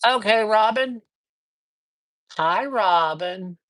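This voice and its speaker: A man's voice: high-pitched, drawn-out words. Chatty man telling stories on a live stream. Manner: lively storyteller who acts out dialogue. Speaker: live-stream host and psychic reader. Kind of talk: casual live-stream chat and storytelling.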